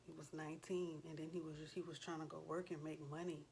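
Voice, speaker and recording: A woman in her forties speaks in a low voice with a gravelly edge. She chats casually and earnestly, her voice staying fairly level. A faint hiss sits under the recording. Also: little pitch movement, fast, a little mellow. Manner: earnest, heartfelt storytelling; loose, conversational with frequent fillers. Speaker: vlogger. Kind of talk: casual chat.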